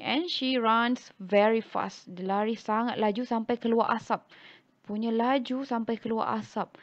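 A young woman with a Malaysian accent and a fairly high voice, guiding small children through a picture story. She talks slowly and with emphasis, repeating things in two languages. The recording sounds dull and lo-fi. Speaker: primary school English teacher. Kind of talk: storybook walkthrough for young pupils, mixing English and Malay.

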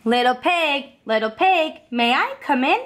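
A woman voicing a friendly, gentle wolf builder in a storybook, polite and concerned. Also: high voice, expressive, a little slow, voice pushed up. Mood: kindly.

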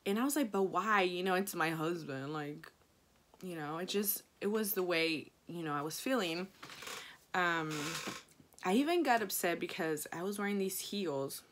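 A young pregnant woman with a Mexican-American accent, chatting casually to camera for her vlog and quoting herself in high, excited bursts. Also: normal speed, background noise. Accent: Mexican-American English. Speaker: vlogger.

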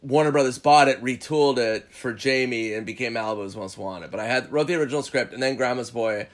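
A man's voice: medium pitch, brisk. A comedian guest chatting casually on a podcast, laid-back and swearing often, sometimes doing funny voices for people in his stories. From Minnesota.

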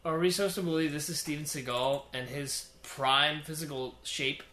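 A man's voice: on the high side, fairly even intonation, moderate pace, bright, forceful tone, reverberant. A man co-hosting a podcast, chatting casually over a movie with profane, joking riffs. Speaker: podcast co-host. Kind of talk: casual movie commentary chat.

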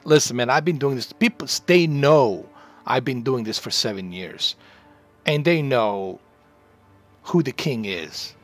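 A man's voice: mid-range voice, expressive, unhurried, faint music behind. A man chatting on a livestream in a boastful, rambling, profane way.

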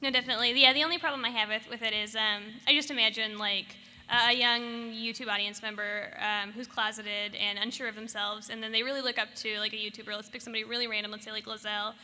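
A woman moderating a live panel discussion in an animated, storytelling way. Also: a little high, fast talker, few pauses. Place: convention hall stage. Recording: echoey hall with faint noise.

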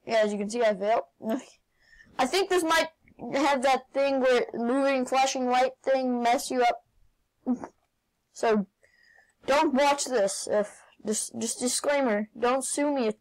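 A woman playing a video game and commenting as she goes, excitable, often shouting and laughing. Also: high-pitched, slow pace, pauses often, poor audio. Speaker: gaming channel host.

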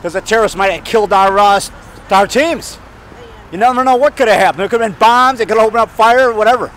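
An excitable man in his fifties vlogs while walking down a town street, talking straight to the camera. His voice sits high for a man, and he rambles from thought to thought, calling the viewer brother and man. Faint traffic hums behind him outdoors. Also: fast talker. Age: 50s. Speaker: filmmaker vlogging.

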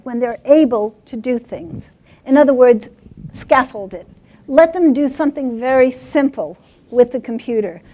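A woman giving a workshop talk to teachers, animated and acting out stories. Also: high voice. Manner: animated, acts out voices. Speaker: guest speaker for teachers.

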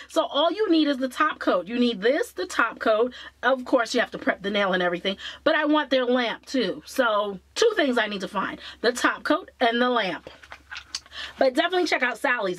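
A woman's voice: on the high side, animated, moderate pace, a bit bright, no echo. A woman chatting enthusiastically to her viewers in a casual beauty haul vlog. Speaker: beauty vlogger.

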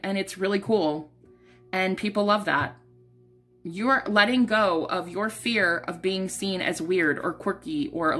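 A woman's voice: medium pitch, a bit bright. Young woman, tarot reader, casual and rambling, a bit breathless, swears now and then. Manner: chatty, rambling, restarts words, swears casually. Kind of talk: casual pick-a-card tarot reading.

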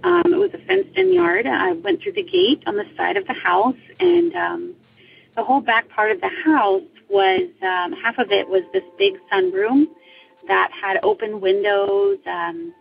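A woman's voice: sits high, big pitch swings, unhurried, vocal fry. A young woman telling her own ghost story in casual speech, hesitant, with many ums and restarts. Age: young adult. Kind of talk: casual first-person storytelling. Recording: slightly dull audio with faint music.

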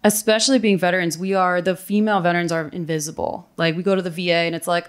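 A woman's voice: lowish voice, steady tone, quick pace, few pauses, clear, resonant tone. A woman on a conference panel, telling her story candidly and acting out what people said to her. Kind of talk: panel discussion. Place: conference room.

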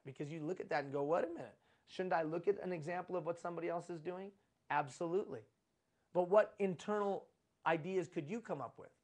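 A middle-aged man giving a live conference lecture on leadership, preachy and repetitive, with lots of rhetorical questions. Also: fairly high pitch. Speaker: leadership trainer. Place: conference room.

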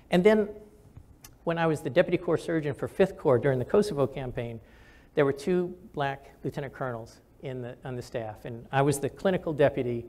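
An older man who is both a physician and a military officer recounts personal stories on camera, earnest and conversational, often restarting his sentences. His voice is medium in pitch with a darkish tone, and the talk is reflective.

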